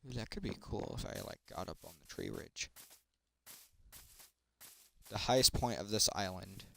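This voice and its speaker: A man's voice: fairly low pitch, moderate pace, gravelly, fairly bright tone, a little hiss or hum. A man streaming a video game, talking to himself in a rambling, jokey way as he plays. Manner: rambling self-talk, jokey asides. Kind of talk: casual gaming commentary.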